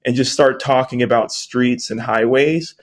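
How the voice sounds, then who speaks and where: A man's voice: medium pitch, unhurried. A man who works as an apartment locator, explaining things steadily in a casual group audio chat. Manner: steady, explanatory sales talk.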